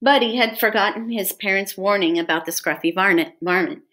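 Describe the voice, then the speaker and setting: A woman reading a storybook aloud to children as a teacher, pausing to ask her listeners questions. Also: medium pitch, fairly bright tone, slight background noise.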